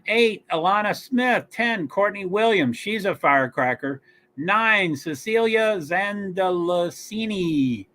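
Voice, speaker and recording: Reading team rosters and stats on a laid-back sports watch-along stream, a man speaks with many fillers, pauses and offhand remarks. His voice is high-pitched, pushed and bright.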